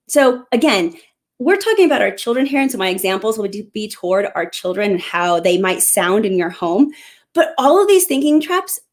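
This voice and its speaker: A middle-aged woman hosting a live parenting question-and-answer talk, speaking earnestly and encouragingly straight to parents. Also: fairly high pitch. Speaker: parenting coach and show host.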